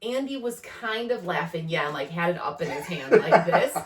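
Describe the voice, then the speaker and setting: A woman co-hosting a podcast, chatting casually and telling family stories with animated acted-out quotes. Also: fairly low pitch, moderate pace, far from the mic, a crowd in the background. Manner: animated storytelling, acts out kids' voices. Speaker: podcast co-host. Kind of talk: casual chat. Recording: roomy, off-mic sound.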